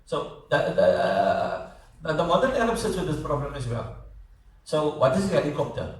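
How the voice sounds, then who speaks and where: Echoey lecturer. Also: male voice, on the high side, sing-song, moderate pace. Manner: conversational, repeats words, checks understanding. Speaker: teacher. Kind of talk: classroom lecture. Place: classroom. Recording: echoey classroom, voice from far off.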